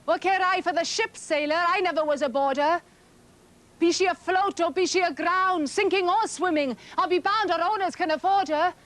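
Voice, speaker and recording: A woman's voice: extremely high pitch, normal speed, a bit bright. A woman voicing a proud, anxious mother who demands news of her sailor son, in a dramatic poetry recitation. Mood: pleading. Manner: insistent, pleading.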